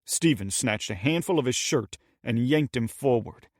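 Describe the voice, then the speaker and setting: A man narrating an audiobook in a steady, measured way on a close mic. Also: medium pitch, dry recording. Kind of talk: scripted narration.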